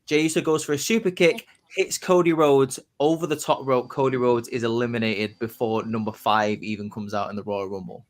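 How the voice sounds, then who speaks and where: A man on a casual podcast, telling his predicted wrestling storyline like excited play-by-play. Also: mid-range voice, fairly quick. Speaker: podcast host.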